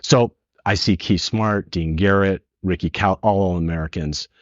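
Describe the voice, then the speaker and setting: A middle-aged man from San Francisco, a podcast guest, telling a personal story in an earnest, animated way. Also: deep voice, moderate pace, no echo. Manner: earnest, animated retelling with acted quotes. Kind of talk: emotional storytelling. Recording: dull lo-fi dry podcast audio.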